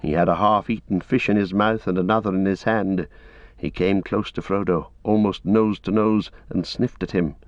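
A man narrating a fantasy novel aloud in a steady, measured voice. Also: sits low, no room sound. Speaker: audiobook reader. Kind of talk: scripted narration. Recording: dull lo-fi dry recording.

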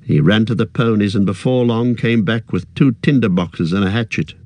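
A man reading a fantasy story aloud in a steady, measured narration. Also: fairly low pitch, no echo. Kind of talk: audiobook narration.

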